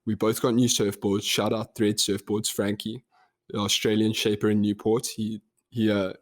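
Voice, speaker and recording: A young man with a South African Durban accent, co-hosting a podcast in relaxed, explaining casual chat. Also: fairly low pitch, normal speed. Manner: relaxed, explaining, slightly monotone. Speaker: podcast co-host.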